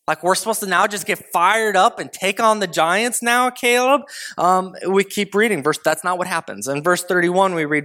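A man's voice: sits high, fairly quick, pushed and bright. A man preaching a casual sermon, talking conversationally and acting out quoted people with big swings in voice. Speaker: pastor.

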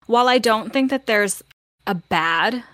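A woman's voice: a little high, a little slow, sharp tone, dry recording, clean studio sound. A woman cohosting a podcast, giving opinions in a chatty, filler-heavy way. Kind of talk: casual chat.

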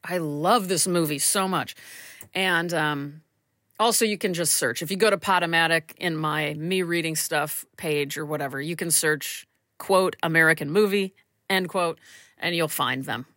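Rambling woman podcaster, bright voice. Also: low voice, moderate pace, dry recording, clean studio sound. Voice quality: rambling, digressive, self-deprecating. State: stuffy from allergies. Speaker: podcast host. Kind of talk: casual solo podcast chat. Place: small home room.

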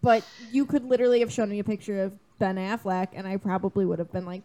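A woman's voice: medium pitch, fairly even intonation, fast talker, dark tone. A woman co-hosting a casual podcast, full of dramatic, self-mocking exclamations. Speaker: podcast co-host. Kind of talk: casual chat.

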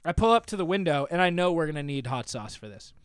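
A man in his twenties hosting a podcast, telling funny stories in a casual, animated way with frequent laughs. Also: a little high, quick pace, smooth, no echo, clean studio sound. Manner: animated storyteller, laughs often. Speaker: podcast host. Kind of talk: casual chat.

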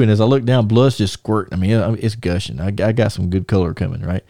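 Host, man. mellow tone, dry sound. chatty rambler. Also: fairly low pitch, quick pace, gravelly, dry recording. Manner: rambling, many restarts and fillers, animated. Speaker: podcast host. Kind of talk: casual storytelling and show segment intro.

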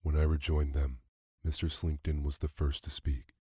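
A man narrates a classic story for listeners dozing off, keeping a calm, even pace. His voice is extremely deep and mellow, with almost no melody. The recording is close and dry. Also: normal speed, breathy edge, no room sound. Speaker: podcast narrator. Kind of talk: bedtime story reading.

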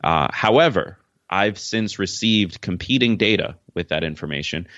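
A man from Jamaica talks as an interview guest in a frank, easygoing way. His voice sits extremely low. The recording is dry and a little dull. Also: expressive, moderate pace, a bit bright, dry recording. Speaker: podcast guest. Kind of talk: casual interview answers.

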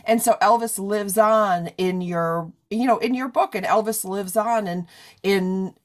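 Middle aged lady hosting a chat show, rambly, lots of you knows, medium pitch. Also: measured pace. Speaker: radio interview host. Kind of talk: casual chat.

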